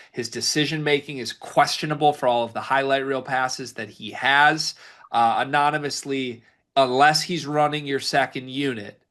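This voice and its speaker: A man's voice: medium pitch, fairly bright tone. Emphatic male sports podcast co-host. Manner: emphatic, rapid-fire scouting takes. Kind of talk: casual sports podcast banter.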